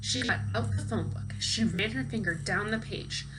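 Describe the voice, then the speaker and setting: A woman teacher reading a children's book aloud expressively, pausing to ask her young listeners questions. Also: mid-range voice, background noise.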